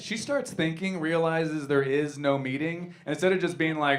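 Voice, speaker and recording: A man in his thirties doing a stand-up comedy set on a club stage, talking in an animated way and jumping into loud voices for characters. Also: on the high side, fairly quick, few pauses.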